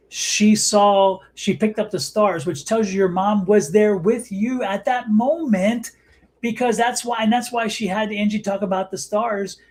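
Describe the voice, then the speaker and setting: A man's voice: sits high, a little mellow. A man hosting a live psychic and tarot show, explaining at length in a rambling way with many restarts. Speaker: host and tarot reader.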